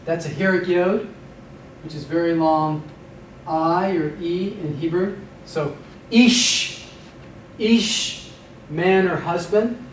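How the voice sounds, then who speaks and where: A man with a fairly high voice teaches vocabulary in a slow, unhurried way, repeating each word for learners to follow. He drops dry puns along the way. He sounds echoey and a little far from the mic, with faint noise behind him. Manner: dry punning humor, drills words by repeating them. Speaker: Hebrew instructor. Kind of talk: recorded vocabulary lecture.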